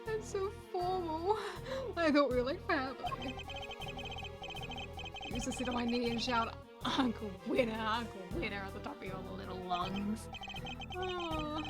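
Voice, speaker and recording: Casting: woman voicing a grandfatherly old chairman, genial and sentimental, game role, voice sits a bit high. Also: lively intonation, unhurried, long pauses, over music. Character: genial elderly male committee chairman, grandfatherly.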